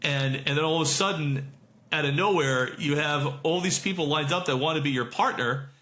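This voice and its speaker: A man's voice: a little high, moderate pace. Rambling man telling stories in an echoey room. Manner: rambling storyteller, many self-corrections and restarts. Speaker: podcast co-host. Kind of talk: casual chat. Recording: bright, echoey room with faint hiss.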